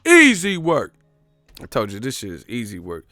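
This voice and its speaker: A man's voice: on the low side, quick pace, gravelly, dry recording, soft background music. A man hosting a live boxing talk stream in a casual, profane, riffing style, telling stories animatedly.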